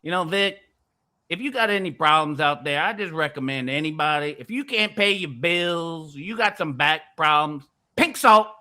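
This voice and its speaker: A man's voice: a little high, expressive, normal speed, pushed and bright. A man putting on a country voice as a rowdy rural man who rants and pushes a cure-all. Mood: ranting. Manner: rowdy, ranting, pushy.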